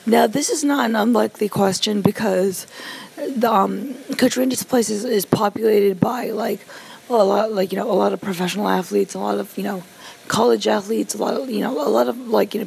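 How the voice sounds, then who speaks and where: Gravelly rambling woman telling a story. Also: mid-range voice, fairly even intonation, moderate pace, darkish tone, rough recording. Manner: rambling, with many fillers and asides. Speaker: stroke survivor telling her story. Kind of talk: casual personal storytelling.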